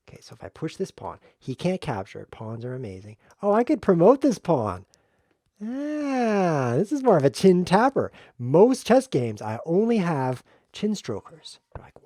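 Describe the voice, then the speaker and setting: A man streaming a chess game, talking to himself in a jokey, excitable way as he plays. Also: a little high, a little slow, no echo, clean studio sound. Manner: jokey, excitable self-talk while playing. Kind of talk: live game commentary.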